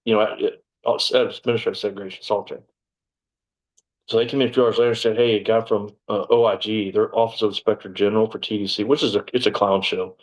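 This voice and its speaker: A man, an interview guest telling his story in blunt, profane conversation and bursting out loudly when he quotes himself. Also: lowish voice, little pitch movement, fast, poor audio. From Texas, USA.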